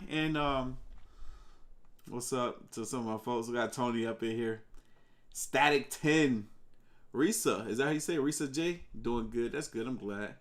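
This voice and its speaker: A man's voice: medium pitch, normal speed. A man hosting a live stream in casual chat, loose and chatty as he greets viewers by name. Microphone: desk microphone.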